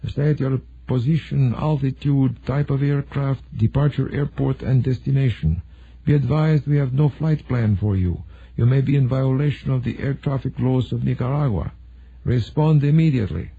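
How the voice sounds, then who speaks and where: A man voicing a curt male air traffic controller with a thick Spanish accent, reading clipped radio instructions in a husky voice. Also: medium pitch, normal speed, pitched above the performer's own voice. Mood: stern. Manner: clipped radio procedure, demanding. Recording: narrow phone-like sound.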